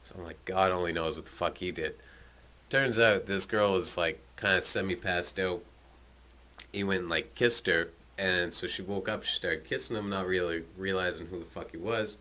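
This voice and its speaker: A man with a very low voice recounting a teenage party story in loose, profane, conversational talk. His tone is bright and forceful, and he drops swearing and chuckling asides throughout. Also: normal speed.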